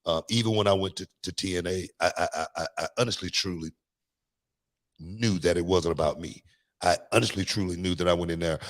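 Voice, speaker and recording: A man hosting a podcast in casual chat, talking emphatically and self-assuredly and repeating phrases for stress. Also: deep voice. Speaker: podcast host.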